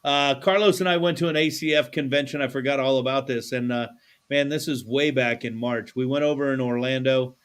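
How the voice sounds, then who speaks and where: A man's voice: medium pitch, fairly even intonation, a little fast, smooth. Laid-back, foul-mouthed male podcast host. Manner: laid-back, swears freely, laughs often. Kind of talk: casual chat. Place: studio.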